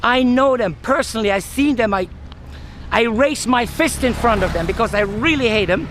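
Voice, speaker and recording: A man's voice: high voice, expressive, moderate pace, background noise. A male vlogger sweating in the heat while he rants outdoors, swearing and stopping to hunt for words. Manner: heated and swearing, often searching for words. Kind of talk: casual ranting monologue.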